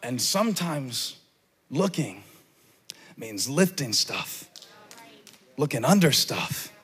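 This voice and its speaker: A middle-aged pastor preaching a sermon to a congregation in a large church, moving from quiet, close talk to loud, shouted emphasis. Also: male voice, medium pitch, sing-song, slow pace, slightly rough.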